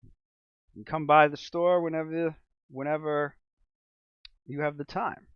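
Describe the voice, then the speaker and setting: A man's voice: on the high side, steady tone, a little slow, clean tone, no room sound, dull audio, voice pushed up, lightly acted. A man doing a hearty, folksy shopkeeper. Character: jovial male general store owner.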